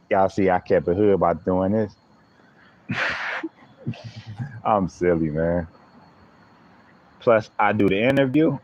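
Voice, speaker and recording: A man's voice: on the low side, lo-fi sound. A man using hosts a live stream, chatting playfully with viewers and laughing often. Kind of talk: joking live-stream chat.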